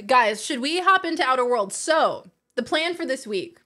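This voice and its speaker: A woman's voice: high voice, animated, moderate pace, bright, forceful tone. A woman livestreamer in casual chat, reading her viewers' messages aloud and laughing often.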